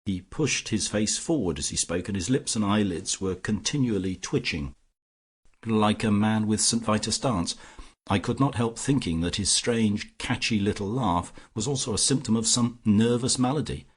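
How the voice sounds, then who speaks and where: A man reading a classic detective story aloud as an audiobook narrator, in a measured first-person telling. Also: lowish voice, slightly rough. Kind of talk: scripted narration.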